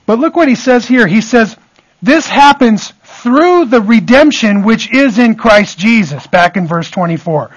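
A man's voice: high voice, lo-fi sound. A man preaching an expository sermon, often checking in with his listeners and restating his points. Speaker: pastor.

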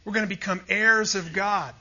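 A man preaches a sermon with emphatic delivery that rises to fervent peaks, often asking his listeners "Amen?" for agreement. His voice is high-pitched, pushed and bright, at normal speed. The sound is lo-fi.

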